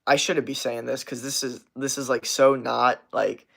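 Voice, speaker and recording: A man's voice: mid-range voice, level tone, moderate pace, gravelly, a bit bright. A young man hosting a livestream as a health coach, ranting casually in a rambling, profane way, full of filler words and restarts.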